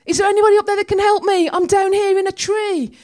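A woman's voice: high voice, fast talker, pitched above the performer's own voice, natural voice. Woman playing a frantic stranded man. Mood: desperate shouting. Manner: frantic, shouting for help. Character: panicked man stuck in a cliff tree.

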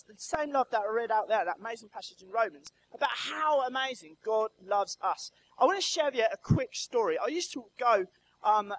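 A man from Brighton, giving a storytelling talk in church and quizzing the audience with questions. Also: very high voice, a little hiss or hum, poor audio. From Brighton, England. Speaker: church speaker. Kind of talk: lively children's talk in church.

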